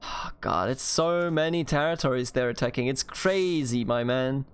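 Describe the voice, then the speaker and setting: A man's voice: mid-range voice, moderate pace, clean tone. A man from Bavaria with a German accent, chatting and thinking aloud as he plays a strategy game. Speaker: gaming YouTuber. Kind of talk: let's play commentary.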